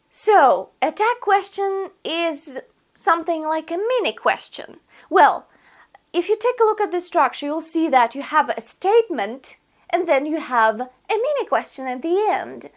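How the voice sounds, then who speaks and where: Woman teacher, high voice, online lesson, patient step-by-step explainer. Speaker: language teacher.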